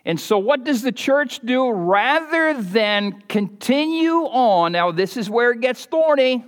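A man preaching a sermon as the pastor of his church, fervent and emphatic, shifting between loud stressed points and quiet asides. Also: extremely high pitch, lively intonation, measured pace. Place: church sanctuary with balcony. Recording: long church reverb.

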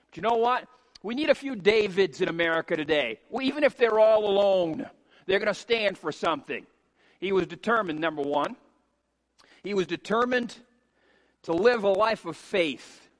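A middle-aged man preaching a sermon as a pastor, emphatic and rising to shouts on key points. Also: sits high, animated, normal speed. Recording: long hall reverb.

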